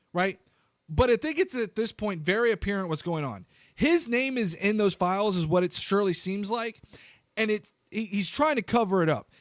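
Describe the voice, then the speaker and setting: A man hosting a live political commentary stream, animated and incredulous, talking straight to his viewers. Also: sits high, dry recording, studio quality.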